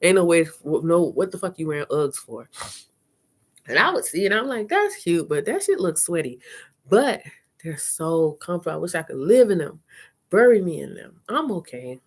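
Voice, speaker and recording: A woman hosting a live chat, telling stories casually, swearing, and playing out conversations in quick voices. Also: lowish voice, slightly rough. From lived in New Orleans. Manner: chatty, animated, swearing, retells talks in quick voices. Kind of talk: casual live-stream storytelling.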